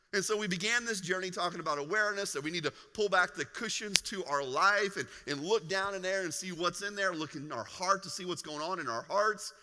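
A male pastor giving a sermon, telling a funny personal story in an animated way. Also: high voice, in a large hall. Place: large church hall.

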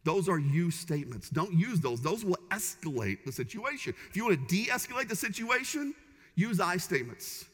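A man's voice: high-pitched, big pitch swings, normal speed, fairly bright tone, slightly rough. A man preaching a sermon as pastor, conversational and humorous with punchy repeated phrases. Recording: long hall reverb.

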